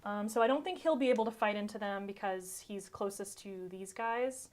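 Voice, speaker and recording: A woman's voice: mid-range voice, normal speed. A woman playing a tabletop wargame on a live stream, chatting casually, laughing often and talking through her moves. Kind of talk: casual live battle report chat.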